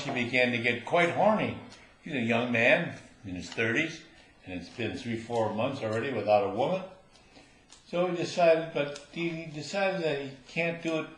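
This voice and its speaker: An older man telling jokes live in a relaxed storytelling manner, with small restarts, in an echoing room. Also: medium pitch, a little hiss or hum. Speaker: joke teller.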